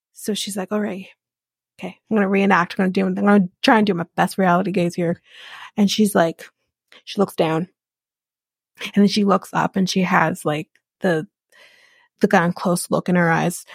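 A woman's voice: fairly low pitch, vocal fry, husky, no room sound, clean studio sound. A woman hosting a podcast, recapping a reality show in casual gossipy chat, laughing and mimicking the people she talks about.

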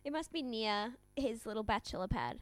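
A young woman co-hosting a podcast, making wry, deadpan jokes as she recaps a show. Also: fairly high pitch, moderate pace, no room sound. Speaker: podcast co-host. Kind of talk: casual chat recapping a reality show.

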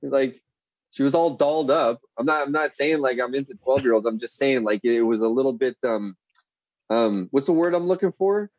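A man's voice: mid-range voice, normal speed, a little mellow, no echo, low-quality recording. A man in his thirties telling rambling, profane stories in a casual chat, often correcting himself. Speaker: guest.

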